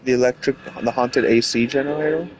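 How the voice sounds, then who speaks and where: A man's voice: mid-range voice, fairly even intonation, brisk, a little hiss or hum. A man streaming a video game, rambling casually through a long train of thought with lots of filler words. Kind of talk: casual rambling commentary over gameplay.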